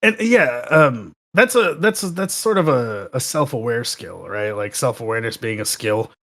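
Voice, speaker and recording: A man guesting on a podcast, chatting casually and telling animated stories with plenty of swearing. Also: mid-range voice, moderate pace. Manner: swears freely, animated storytelling. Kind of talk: casual chat.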